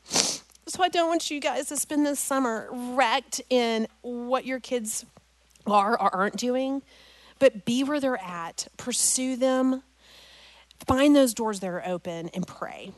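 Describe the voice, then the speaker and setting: Middle-aged woman, kinda high voice, tells a heartfelt story to parents, totally dry sound. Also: slow, no echo. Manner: emotional, animated storytelling, addresses listeners as "guys". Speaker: speaker addressing a parents' group. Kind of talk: personal storytelling talk with scripture.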